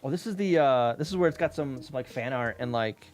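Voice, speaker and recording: A man's voice: medium pitch, lively intonation, fairly quick, a little mellow, faint music behind. A man streaming while scanning old workbooks, ranting about a utility bill in casual, heavily profane chat.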